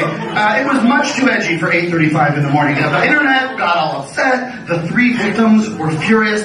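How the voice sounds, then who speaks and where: A man, a comedy writer, telling a showbiz anecdote in an animated, punchy comic style. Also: high-pitched. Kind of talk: comic storytelling. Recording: echoey distant audio with background noise.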